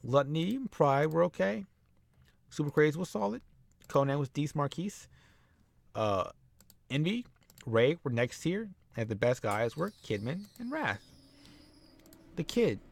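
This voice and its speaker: A man's voice: on the high side, big pitch swings, measured pace, gravelly, long pauses, no room sound. A man casually recapping a wrestling simulation game, rambling with fillers and chuckles. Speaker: game commentator. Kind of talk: casual let's-play recap.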